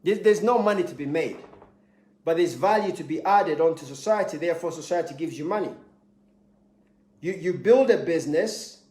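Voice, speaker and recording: Emphatic high-voiced male motivational speaker. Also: dark tone. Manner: emphatic, repeats key points, acts out little scenes. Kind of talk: motivational talk. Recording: echoey room.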